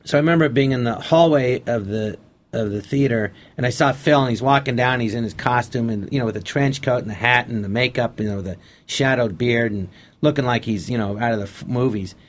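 A man of ordinary pitch chats in a radio studio as a guest comedian. He rambles through anecdotes and slips into the voices of people he quotes. His talk stays loose and conversational. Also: brisk. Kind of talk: casual storytelling on a radio interview.

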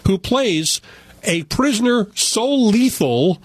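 A man talking about films with sarcasm and big swings in his voice. He sits a little high in pitch. His tone is slightly husky. The sound is dry and close. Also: slow, no echo. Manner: animated, sarcastic, jumps into voices. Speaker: film critic. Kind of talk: casual radio chat.

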